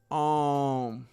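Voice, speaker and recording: Male streamer, casual rambling chat, fairly high voice, animated, greets his chat. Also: smooth. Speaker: livestream host.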